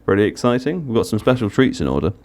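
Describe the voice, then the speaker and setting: Man, podcast host, casual chat, jokey, rambling, lively pitch. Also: fast. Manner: jokey, rambling, laughs often.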